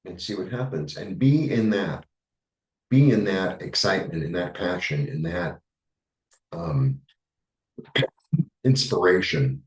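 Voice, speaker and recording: A man with a New York accent giving a rambling, halting tarot reading, full of fillers. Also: deep voice, roomy sound, far from the mic, poor audio. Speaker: tarot reader. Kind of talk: casual spiritual monologue.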